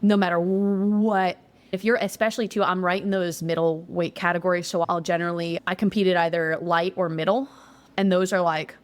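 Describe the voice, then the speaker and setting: A young woman telling a casual interview story about her competitions, chatty, full of "like", swearing when she gets excited. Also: fairly low pitch, moderate pace. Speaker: guest, jiu-jitsu competitor.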